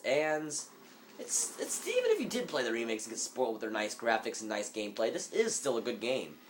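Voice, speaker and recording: Casual male gamer narrating gameplay, slightly low voice, rambling and joking, phone mic with faint background noise. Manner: rambling, jokey, mock-businesslike. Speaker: let's play gamer. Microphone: phone recording.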